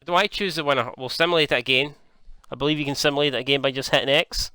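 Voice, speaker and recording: Young Scottish-born man, gaming commentator: bright, clean voice, dry close sound, excitable and sweary. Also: mid-range voice, rapid-fire, smooth, dry recording. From Scotland. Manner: excitable, swears freely, jokey. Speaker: gaming YouTuber. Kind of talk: casual game commentary.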